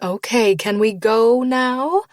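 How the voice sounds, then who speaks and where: A woman voicing a fussy, impatient middle-aged mother in an audiobook, brisk and hurried. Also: fairly high pitch, no room sound, studio quality.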